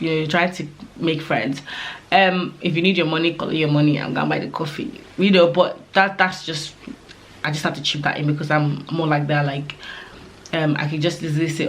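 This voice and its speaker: A woman's voice: low-pitched, fairly even intonation, brisk. Young woman vlogger, loose chatty advice read, rambling with lots of fillers. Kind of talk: casual advice talk to camera.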